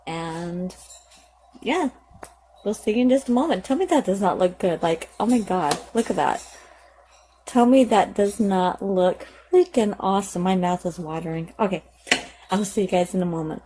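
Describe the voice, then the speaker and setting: A chatty woman talks through a home cooking vlog, rambling and correcting herself as she goes. Her voice sits on the low side, and a faint hiss runs under the recording from her home kitchen. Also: animated, moderate pace, mellow. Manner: rambling, chatty, lots of fillers and self-corrections. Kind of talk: casual cooking vlog chat.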